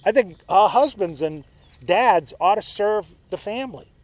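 A man's voice: sits high, lively intonation, measured pace, no room sound. A male pastor preaching a sermon in a conversational way, with joking asides to his congregation.

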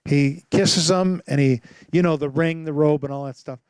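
A man preaching a sermon as pastor, telling stories with lively acted-out voices and asking rhetorical questions. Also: a little high, moderate pace, smooth, dry recording. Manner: animated storytelling with rhetorical questions; acts out voices and sounds in his stories.

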